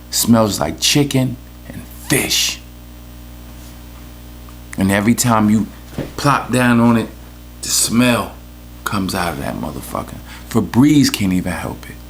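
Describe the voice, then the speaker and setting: A man's voice: lowish voice, slight background noise. A man with a New York accent, hosting a podcast with a profane, rambling, joking rant. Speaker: podcast host. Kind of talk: casual comedic rant.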